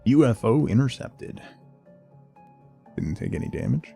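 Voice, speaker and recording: A man streaming a game, reading the tutorial text aloud in a flat, exhausted, yawning way. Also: measured pace, gravelly, faint music behind. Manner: flat, low-energy delivery.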